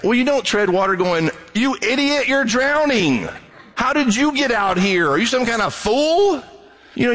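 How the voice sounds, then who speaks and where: A middle-aged man delivers a sermon with a fairly high voice. He talks in a casual, conversational way and slips into other voices whenever he quotes someone. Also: fairly bright tone. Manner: conversational, acts out quoted voices in a raised pitch. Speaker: pastor.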